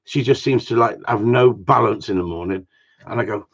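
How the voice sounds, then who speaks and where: Blunt husky man from Cornwall. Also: medium pitch, lively intonation, a little fast. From Cornwall, England. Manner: blunt, jokey, plain-spoken. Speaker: gundog trainer answering viewer questions. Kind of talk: casual live training talk. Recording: dull lo-fi sound.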